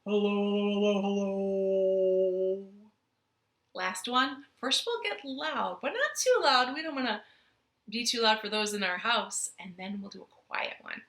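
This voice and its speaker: A woman's voice: a little high, animated, moderate pace, pushed and bright, roomy sound. A young woman leading a children's storytime from her living room, playful and sing-song as she talks to the kids.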